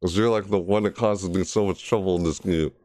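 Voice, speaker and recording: A man's voice: sits low, fairly even intonation, a little fast, a little mellow, dry recording, studio quality. A man commentating a horror game playthrough, frustrated and jumpy, scolding the game's characters and shrieking at scares. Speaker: gamer.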